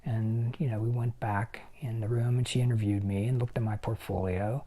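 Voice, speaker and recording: A man in his sixties with a mellow, warm tone, spinning animated anecdotes as an interview guest. He slips in and out of other people's voices while he tells his stories. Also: lowish voice, normal speed. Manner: animated storyteller who acts out other people's lines. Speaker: special effects makeup artist guest. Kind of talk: anecdotal storytelling.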